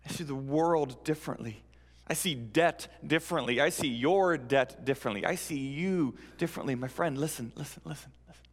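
A man's voice: mid-range voice, a little slow, pauses often, a little mellow, slightly rough. A man voicing an overjoyed freed male servant who gushes and repeats himself, in a sermon. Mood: earnest, tender. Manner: breathless and effusive, repeating himself. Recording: reverberant hall.

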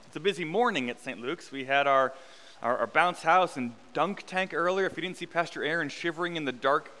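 A pastor in his thirties gives a sermon in a church sanctuary. His voice is bright and smooth, and it carries a long reverb through the hall. He talks to the congregation like friends, with easy self-deprecating humor, and he repeats key phrases to drive them home. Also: a little high.

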